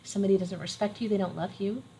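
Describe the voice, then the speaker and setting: A woman's voice: medium pitch, rapid-fire, gravelly, mellow, slight background noise, rough recording. Encouraging woman giving a tarot reading. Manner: earnest, encouraging, repeats phrases for emphasis. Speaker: tarot reader. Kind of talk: casual tarot reading monologue.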